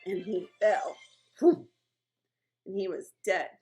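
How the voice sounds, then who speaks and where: A woman's voice: medium pitch, takes it slowly, soft background music, low-quality recording. Chatty woman telling kids a Bible story. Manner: lively, chatty, acts out characters' lines. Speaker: children's ministry teacher. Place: at home.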